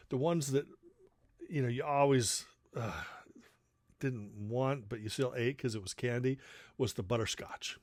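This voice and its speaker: A man's voice: mid-range voice, moderate pace, darkish tone, dry recording, studio quality. A middle-aged man casually telling childhood stories, rambling with fillers and acting out quoted lines. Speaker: channel host. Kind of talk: casual storytelling.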